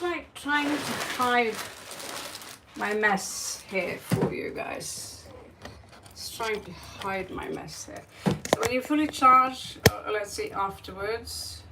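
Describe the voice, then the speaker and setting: A woman's voice: a little high, far from the mic, very noisy. A woman hosting a live tarot stream from a cluttered room at home, chatting in a rambling, distracted way, often swearing and laughing, picked up by a phone on a tripod.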